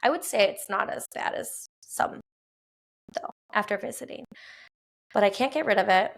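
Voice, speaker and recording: A woman in her thirties with a Wisconsin accent, hosting a casual solo podcast from a quiet home at night, chatty with lots of fillers and quick laughs. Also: medium pitch, creaky. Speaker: podcast host.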